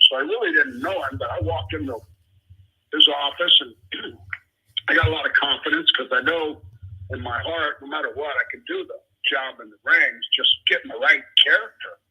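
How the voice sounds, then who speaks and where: An older man speaks with a husky, sharp-edged voice as a podcast guest. He tells stories in a relaxed, chatty way and talks straight to the host. He slips into other people's voices when he quotes them. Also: fairly high pitch, rough recording. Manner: animated storyteller who acts out quoted people. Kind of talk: casual interview storytelling.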